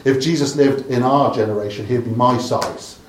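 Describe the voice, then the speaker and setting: A man from Dorset, England, with a medium-pitched voice and normal pace, preaches by retelling a story in a chatty style with humorous asides. He softens to a hush at the close, and the room is echoey.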